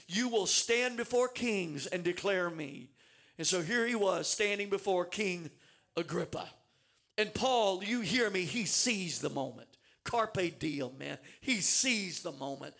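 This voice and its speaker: Preaching a sermon, a man with a very high, bright, gravelly voice is animated and emphatic. His delivery swings dramatically, and he doubles words as he builds momentum.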